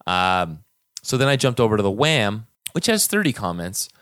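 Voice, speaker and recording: A man's voice: lowish voice, very animated, moderate pace, a bit bright, no echo, studio quality. A man co-hosting a podcast, chatting casually and hesitantly with lots of fillers. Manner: rambling, hesitant with many fillers. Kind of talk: casual chat.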